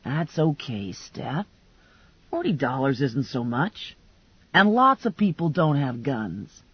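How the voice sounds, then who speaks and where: A woman reading an audiobook, voicing a blunt, teasing male cop in a husky, lowered voice. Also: sing-song, slow pace, no echo, heavily acted. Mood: soothing. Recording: dull lo-fi dry recording.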